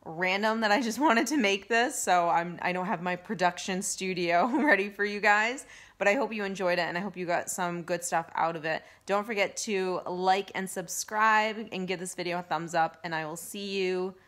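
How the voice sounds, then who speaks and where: A woman life coach giving casual self-help advice to camera, earnest and gently coaching, with lots of fillers. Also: medium pitch, moderate pace. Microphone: handheld phone camera.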